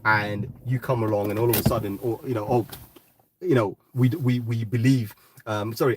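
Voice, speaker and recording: A man's voice: mid-range voice, fairly even intonation, moderate pace, background noise. A man hosting a live crypto talk, ranting bluntly and swearing, often tagging "right?". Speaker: crypto podcast host.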